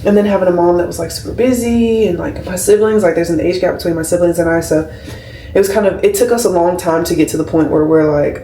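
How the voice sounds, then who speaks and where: Here the nurse-vlogger in her twenties speaks quickly in a lowish, mellow voice, with slight background noise. Heartfelt and rambling, she fills her casual chat about the week with "like," addressing a camera set on a skincare shelf at home. Picked up by the camera's mic from a distance, the sound is roomy and a bit remote.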